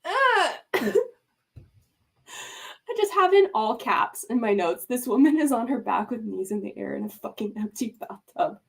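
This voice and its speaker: Animated woman ranting on a livestream. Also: a little high, unhurried, vocal fry, breathy edge. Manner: exasperated, emphatic, swearing freely; talks to chat and mods mid-rant. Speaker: livestream host.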